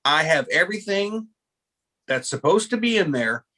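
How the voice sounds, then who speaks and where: Man on a video call, higher voice, rambling self-mocking stories, lots of restarts. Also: expressive, normal speed, pushed and bright. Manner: rambling storyteller with many restarts. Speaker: host. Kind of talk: casual chat on a video call.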